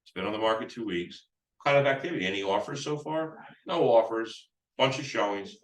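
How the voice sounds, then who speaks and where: Speaking briskly with lively intonation, a man with a mid-range, slightly bright voice trains real estate agents on phone scripts. He rambles, restarts often, and acts out both sides of the call, including the seller. The live talk is captured in an echoey room with a distant mic.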